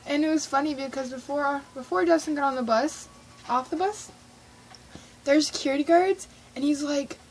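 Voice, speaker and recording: A woman vlogging about a concert, telling it in an excitable, gushing way and acting out her own reactions. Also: sits high, slight background noise, low-quality recording. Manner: gushing, excitable, fast-shifting, reenacts her own squeals. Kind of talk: excited casual storytelling.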